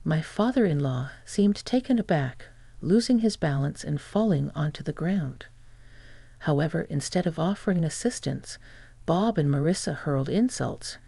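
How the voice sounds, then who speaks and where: A text-to-speech woman narrating a scripted story in an even, flat reading. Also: deep voice, moderate pace, gravelly, husky, no room sound.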